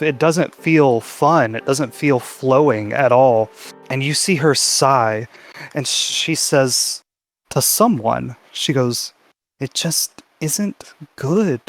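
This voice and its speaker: A man narrating vividly as game master of a tabletop game. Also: medium pitch. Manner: vivid descriptive storytelling.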